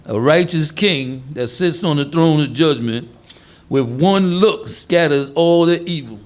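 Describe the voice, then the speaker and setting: A man's voice: fairly high pitch, measured pace. A man preaching in a casual, conversational way. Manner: informal, conversational, acts out quoted voices. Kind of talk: sermon teaching.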